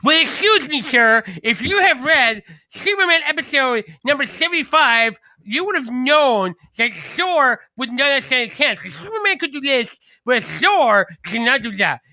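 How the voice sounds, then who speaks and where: A man's voice: very high voice, very animated, measured pace, bright, forceful tone, no room sound, voice pushed up, exaggerated voice. A man voicing a pompous male comic-book know-it-all who lectures with mock politeness. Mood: condescending.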